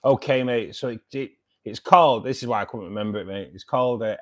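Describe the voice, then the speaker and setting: A man who hosts an aquarium channel chats with viewers on a casual livestream, friendly but hesitant, full of ums and restarts and calling people mate and buddy. His voice is medium-pitched, and he talks fast with few pauses.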